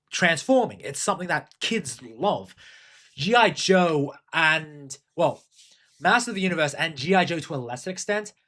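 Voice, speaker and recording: A man's voice: on the high side, a bit bright. A man hosting a livestream, chatting casually, rambling and swearing, reading chat aloud. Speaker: livestream host.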